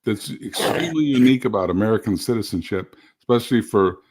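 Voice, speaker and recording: A man's voice: fairly low pitch, expressive, quick pace, a little mellow, husky. A man on a political chat panel, earnestly explaining his points at length. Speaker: show regular.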